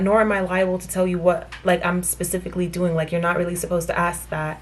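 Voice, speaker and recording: A woman's voice: on the low side, flat delivery, fast. Chatty young American woman vlogging. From United States. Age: young adult. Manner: chatty, many fillers, recounts dialogue indignantly. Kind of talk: casual storytelling to camera. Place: hotel room.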